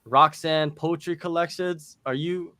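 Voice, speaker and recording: A man hosting a casual livestream watch-along, reading viewer comments and shout-outs aloud with a joking manner. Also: on the high side, fairly even intonation, unhurried, no echo.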